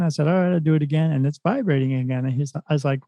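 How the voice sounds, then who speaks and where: A man in a casual podcast chat spins a long story with animated energy, slipping into the lines of the people in it. His voice sits a little high for a man but has a mellow, soft tone. The recording is close and dry. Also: a little fast, gravelly, few pauses, no room sound. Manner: animated retelling, acts out quoted voices. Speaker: podcast guest, spirit medium.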